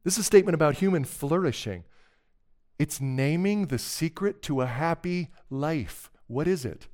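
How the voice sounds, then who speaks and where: A man's voice: on the high side, expressive, normal speed, darkish tone. A middle-aged man preaching a sermon as pastor, talking in a conversational, earnest way and breaking into emphatic bursts.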